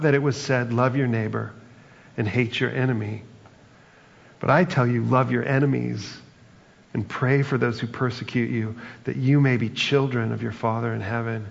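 Speaking in a mid-range voice with vocal fry, a pastor delivers his sermon reflectively and conversationally, peppering it with "like" and "right?". It's captured in muffled lo-fi audio trailing long reverb.

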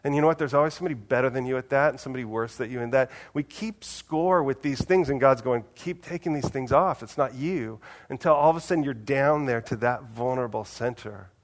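A man giving a conversational sermon, casual and animated, with big swings in loudness and a soft, low voice when he quotes someone. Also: fast talker, hardly any pauses. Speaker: preacher.

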